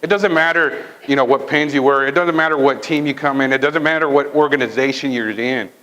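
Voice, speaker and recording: A man giving a motivational talk at a sales training event, telling a fable in a lively way and often checking in with the audience. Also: mid-range voice, brisk, a little hiss or hum, poor audio. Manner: lively storytelling, checks in with "right?" and "okay?".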